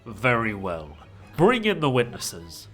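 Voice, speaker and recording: A man voicing a stern, weary older male judge in a low, grave voice. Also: huge pitch swings, takes it slowly, a bit bright, soft background music, exaggerated voice.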